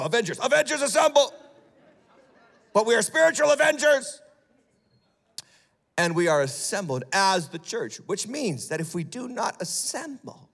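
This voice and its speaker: A man preaches a sermon in a church sanctuary, his somewhat high voice swinging between hushed asides and loud, emphatic outbursts. His tone is blunt and often sarcastic. A long reverb from the hall trails after his words. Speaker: lead pastor.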